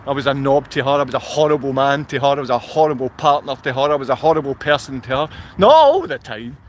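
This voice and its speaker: A man's voice: medium pitch, expressive, fast, slight background noise. A man with a Scottish accent, rambling through a live-stream monologue outdoors in a car park and answering viewer comments as he goes. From Scotland.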